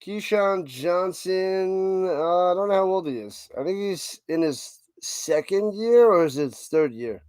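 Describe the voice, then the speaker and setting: A man's voice: high voice, a little slow, clear, resonant tone, dry recording. A man with a New York accent streaming a watch party, calling plays and chatting with viewers. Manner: excitable calls, chatty asides to viewers. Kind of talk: live stream play-by-play and chat reading.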